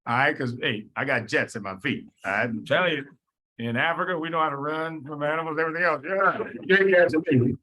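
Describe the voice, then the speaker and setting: Bright-voiced guy lecturing med students, chatty and storytelling, acts out people he quotes. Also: a little high, a little fast. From south side of Chicago. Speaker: medical lecturer. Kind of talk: casual classroom lecture.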